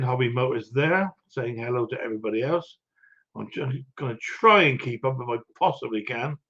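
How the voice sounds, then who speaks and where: Older bloke rambling on a stream, chuckly, muffled lo-fi audio. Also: male voice, mid-range voice, fairly bright tone. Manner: chatty, rambling, chuckles often. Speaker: live stream host. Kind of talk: casual chat reading out viewer comments. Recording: dull lo-fi audio.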